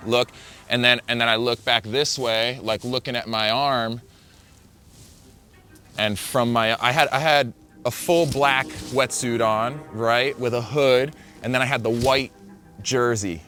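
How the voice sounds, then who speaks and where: A young man with a bright, forceful voice tells a surf story in a vivid, breathless way, leaning on fillers like "like" and "man." His pitch sits in the middle for a man. Soft music plays underneath. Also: steady tone, measured pace. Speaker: big wave surfer. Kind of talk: recounting a near-death wipeout.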